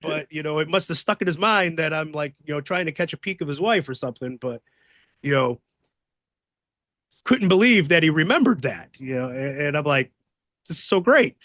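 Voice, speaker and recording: High, bright-voiced man telling wild road stories. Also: normal speed, no echo, studio quality. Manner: profane, excitable storyteller acting out others' voices. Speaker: wrestling guest telling stories. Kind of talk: casual storytelling interview.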